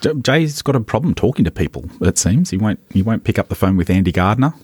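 A man's voice: fairly low pitch, very animated, fast talker, a little mellow, breathy edge, no room sound. A man hosting a golf podcast in casual chat, asking questions in a hesitant way.

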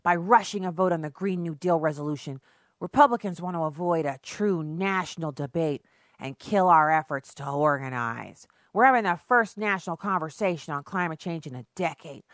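Casting note: woman mimicking a sloppy, drunken-sounding senator, low and hushed, slow slur. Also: expressive, no echo, clean studio sound. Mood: mocking. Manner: slow, slurred, mocking delivery.

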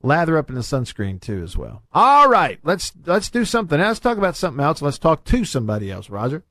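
A man hosting a radio show, ranting and bantering in a casual, animated way from the studio. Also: quick pace, dry recording. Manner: animated, rants with big pitch jumps.

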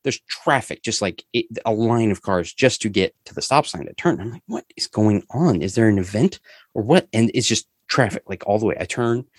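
A man's voice: lowish voice, expressive, moderate pace, dry recording, studio quality. A man co-hosting a podcast, telling a long rambling story in casual chat and laughing as he goes. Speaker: podcast co-host.

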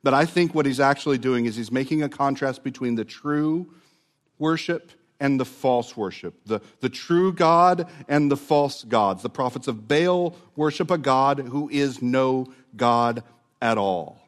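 A man's voice: mid-range voice, unhurried. A man preaching a sermon, earnest and building to emphatic repetition. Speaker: pastor.

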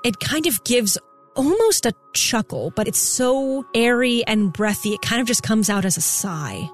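A woman's voice: fairly high pitch, animated, moderate pace, faint music behind. Woman game master, casual narration. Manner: casual, with many "like" and "kind of" fillers.

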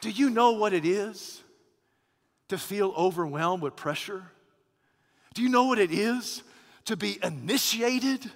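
A man's voice: high voice, animated, a little slow, gravelly, pauses often, in a large hall. A man preaching a sermon as pastor, with a rhythmic, repetitive cadence.

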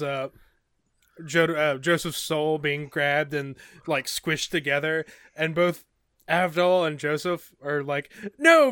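Bright-voiced man rambling casually. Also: on the high side, clean tone, no room sound, clean studio sound. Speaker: podcast co-host. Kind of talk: casual anime discussion.

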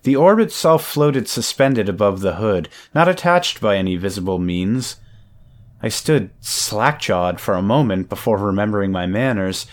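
Man, story narrator, measured first-person telling, lowish voice. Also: animated. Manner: measured storytelling, nervous stammer in own lines. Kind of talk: scripted first-person audio drama narration.

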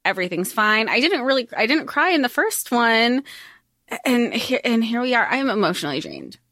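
A woman's voice: on the high side, sing-song, fairly quick, sharp tone, no room sound, studio quality. A woman co-hosting a book podcast, talking candidly and expressively and swearing casually. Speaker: podcast co-host. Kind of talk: casual chat.

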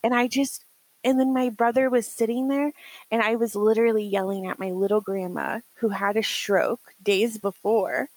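A young woman with a fairly high, husky voice tells personal stories in a relaxed podcast conversation. She is animated and laughs often. She slips into other people's voices as she retells their words. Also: normal speed, rough recording. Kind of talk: casual storytelling chat.

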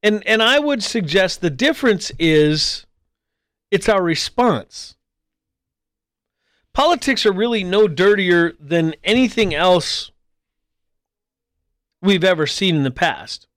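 High-voiced man delivering political commentary. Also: expressive, slow, long pauses, a bit bright, no echo, studio quality. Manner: argumentative, with mocking mimicry of squabbling voices. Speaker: podcast host.

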